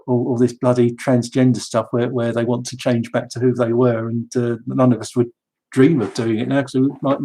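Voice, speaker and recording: A man's voice: mid-range voice, mellow, slightly rough. A man, giving his strong views in a talk. He speaks with emphasis and often repeats words as he starts a phrase. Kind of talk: opinionated monologue.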